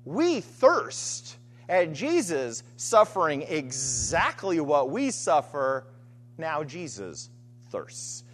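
A woman's voice: low voice, big pitch swings, very slow. A woman preaching a sermon, building repeated refrains and asking rhetorical questions. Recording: long hall reverb.

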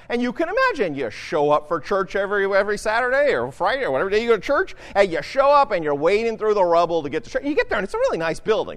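Echoing in a large space, a high-voiced pastor gives a relaxed, conversational sermon, frequently tossing in "right?" to check in with the crowd.

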